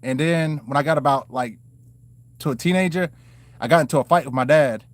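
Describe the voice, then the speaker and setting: A man's voice: on the high side, brisk, dry recording. Rambling man with a lilt. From Maryland and North Carolina, US. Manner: rambling, frequent "you know" fillers and restarts. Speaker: channel host telling his own story. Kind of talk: casual storytelling to camera.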